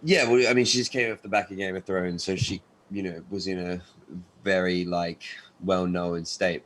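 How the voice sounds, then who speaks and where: A man's voice: low voice, fairly bright tone, poor audio. A young Australian man chatting loosely on a podcast, full of "like" and "you know". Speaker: podcast guest, actor and athlete. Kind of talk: casual podcast chat.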